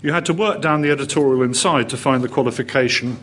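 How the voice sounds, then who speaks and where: A man giving a formal history lecture to an audience, measured and with dry wit. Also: medium pitch, fairly bright tone, slightly rough. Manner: measured, dry wit, read from a prepared text. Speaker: guest lecturer, history professor. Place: lecture hall.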